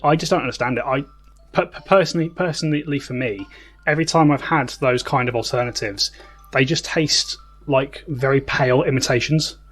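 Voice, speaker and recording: A British man hosts as game master, chatting easily with his players before the session. He tends to stammer and repeat words while he finds his point, and his pitch sits mid-range for a man. Faint music plays behind him. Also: brisk, fairly bright tone. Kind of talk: casual chat before a tabletop game.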